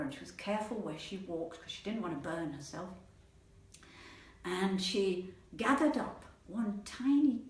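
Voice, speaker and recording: A woman storyteller telling a folk tale aloud in a playful, animated manner, repeating words for rhythm. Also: fairly low pitch. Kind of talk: oral storytelling. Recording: echoey room, mic at a distance.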